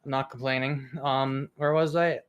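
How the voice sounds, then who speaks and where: Streamer, mid pitch, rambling and stammering casual reader, breaks into a mock news-anchor read. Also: flat delivery, normal speed, clean tone, muffled recording. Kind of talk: casual chat, reading quizzes aloud.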